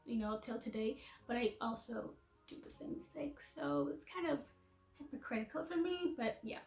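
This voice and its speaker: A woman's voice: high-pitched, lively intonation, moderate pace, creaky, darkish tone, roomy sound, faint music behind, rough recording. A woman vlogger chatting casually and self-deprecatingly to camera, laughing at herself.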